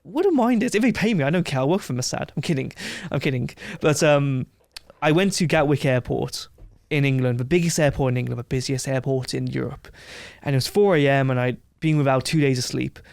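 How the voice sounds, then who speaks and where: A man as a podcast guest, telling rambling, animated anecdotes with frequent laughs in a casual interview. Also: mid-range voice, brisk, creaky, dry recording, studio quality.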